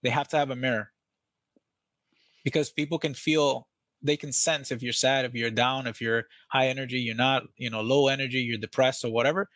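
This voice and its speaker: A man's voice: medium pitch, steady tone, a little fast, a bit bright, no room sound. A man, guest on an interview, talking energetically and casually about training salespeople, acting out phone calls, with some swearing.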